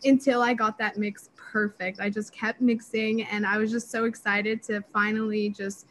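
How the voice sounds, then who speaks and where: A young woman, a DJ and producer, answering interview questions in an excitable, chatty way full of fillers. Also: mid-range voice, moderate pace, a little hiss or hum, poor audio. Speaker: DJ and music producer.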